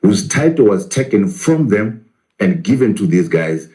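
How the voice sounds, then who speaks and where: A man's voice: fairly low pitch, very animated, unhurried, dark tone, poor audio. A man, a professor, arguing in a political interview, asking rhetorical questions and answering them himself.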